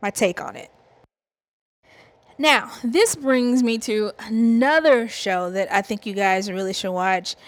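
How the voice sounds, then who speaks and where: A woman's voice: mid-range voice, lively intonation, slow pace, no echo. Chatty Southern woman host, loose and giggly TV recap. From American South. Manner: chatty, giggly, rambling asides. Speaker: TV review host. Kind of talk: casual chat.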